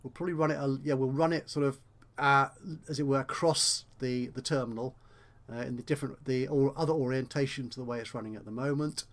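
A man's voice: medium pitch, steady tone, brisk. A man casually commenting on a management game he is playing, rambling and correcting himself with wry asides. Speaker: let's play host.

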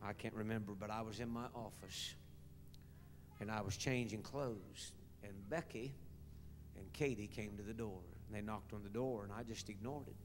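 A middle-aged male pastor preaching a sermon, telling a story softly and dropping into hushed whispers. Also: on the low side, steady tone, normal speed, big-room sound, background noise. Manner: soft, intimate storytelling that drops to hushed whispers. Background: music.

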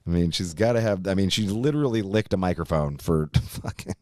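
Deep-voiced swearing podcast host man. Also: brisk, darkish tone, dry recording. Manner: rambling, swears a lot, laughs often. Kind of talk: casual profane chat.

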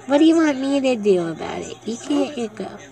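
A woman's voice: sits high, very animated, normal speed, dark tone. A woman playing a caretaker in a home role-play skit, firmly scolding and giving orders. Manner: scolding, firm.

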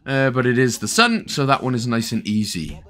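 A man's voice: medium pitch, big pitch swings, moderate pace, fairly bright tone. A young man with a Welsh accent talking through a game guide, chatty and joking with lots of asides. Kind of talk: casual gameplay commentary.

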